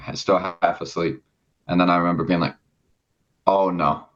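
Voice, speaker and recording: Deep-voiced man telling a rambling story. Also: a little fast. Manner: rambling, swearing, animated storyteller. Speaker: podcast co-host. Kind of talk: casual storytelling chat. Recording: dull lo-fi sound.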